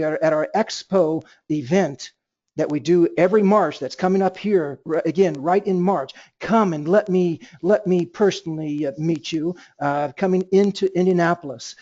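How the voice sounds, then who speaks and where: A man's voice: sits high, warm tone. A man running a sales training webinar, talking energetically and acting out both sides of phone calls. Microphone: computer mic on a webinar. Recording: dull lo-fi webinar audio.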